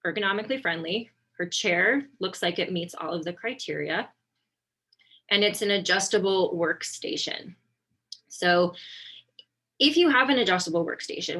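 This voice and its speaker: A woman occupational therapist gives an informal webinar lesson over slides, relaxed and conversational, with frequent ums and self-corrections. Her voice is on the low side with a breathy edge.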